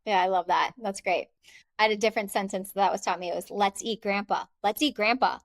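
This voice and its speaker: Woman, podcast co-host, gravelly voice, dry sound, earnest. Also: mid-range voice, steady tone, brisk, dry recording. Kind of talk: conversational podcast talk.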